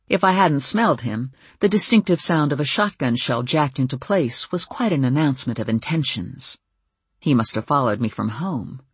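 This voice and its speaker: A woman narrating a first-person audiobook with a wry, lively storytelling manner. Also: a bass voice, husky, no echo.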